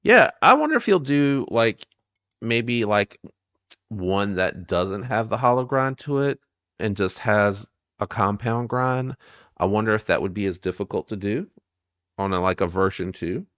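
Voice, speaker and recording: A man's voice: lowish voice, expressive, a little slow, a bit bright, no echo, dull audio. A man hosting a live stream, chatting casually and rambling as he greets viewers by name.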